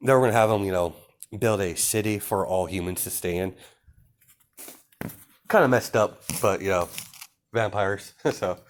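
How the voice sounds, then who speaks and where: A man's voice: lowish voice, normal speed, pauses often, a little hiss or hum. A man improvising a fan-fiction story, narrating hesitantly with many fillers and restarts.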